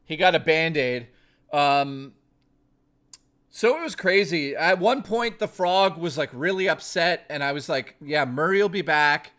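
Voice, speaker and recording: Profane, rambling streamer man with a higher voice. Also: expressive, a little slow, fairly bright tone. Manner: rambling, profane, joking storytelling with frequent restarts. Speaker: livestreamer talking to chat. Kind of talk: casual livestream chat.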